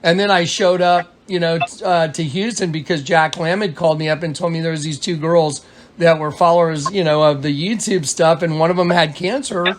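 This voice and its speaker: A man with a fairly high voice talks over a phone call in a loose, rambling flow. He keeps restarting his sentences and slips into quoted speech as he retells conversations. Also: steady tone, fairly quick, a little hiss or hum. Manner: rambling, many restarts and fillers. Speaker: caller recounting events.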